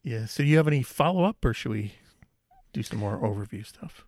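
Gravelly middle-aged man, dry wit. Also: mid-range voice, expressive, brisk, a little mellow, dry recording. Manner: dry wry humor. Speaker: podcast co-host. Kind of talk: casual chat.

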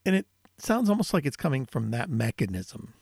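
A man co-hosting a podcast, chatting casually and telling a lively story, with sudden bursts of animation. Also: brisk, gravelly, breathy edge, no room sound, clean studio sound. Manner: animated storyteller, mimics squeaks in a high voice. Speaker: podcast co-host. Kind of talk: casual chat.

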